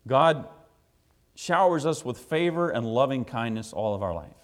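A man preaching a sermon to his congregation, telling a personal story in a folksy, conversational way, with emphatic loud declarations and quiet, low asides. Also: expressive, normal speed.

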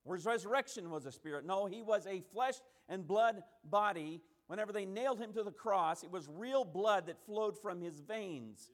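A man's voice: high-pitched, unhurried, few pauses. A man preaching a sermon, emphatic, stacking repeated phrases and acting out the quotes he tells.

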